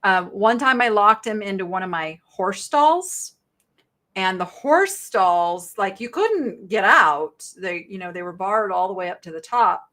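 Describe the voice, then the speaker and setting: A middle-aged woman hosting a live online sale, chatting brightly with viewers and describing thrift finds. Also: mid-range voice, lively intonation, unhurried. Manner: chatty, bubbly, reads viewer chat aloud. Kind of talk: live-stream sales chat.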